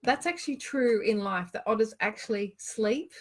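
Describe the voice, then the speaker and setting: A woman's voice: medium pitch, normal speed, a little hiss or hum. A woman casually chatting and reading cards aloud on a live stream, giggling often. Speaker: card reader hosting a live show.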